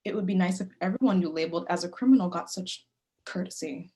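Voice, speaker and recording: A woman's voice: on the low side, quick pace, close to an everyday voice. A woman playing a tough, defiant grieving young woman. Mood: guarded. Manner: guarded, blunt, sharp-tongued. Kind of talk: play reading over video call. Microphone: video call mic.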